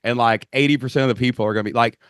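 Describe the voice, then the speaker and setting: A man from Southeast Kentucky with a Southern accent, hosting a podcast and telling stories in a folksy, animated way. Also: mid-range voice, very fast, clear, resonant tone, dry recording, studio quality. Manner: animated storyteller, folksy phrasing. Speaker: podcast host. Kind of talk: casual interview chat.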